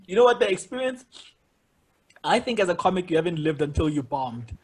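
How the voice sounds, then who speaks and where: Husky, high-voiced male podcast host. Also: moderate pace. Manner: animated storyteller who laughs often. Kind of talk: casual comedic conversation.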